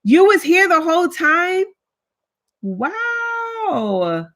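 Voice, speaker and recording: A woman's voice: extremely high pitch, big pitch swings, extremely slow, a bit bright. A woman hosting a casual live-stream chat, talking straight to her viewers in a heartfelt, chatty way with African American Vernacular English speech.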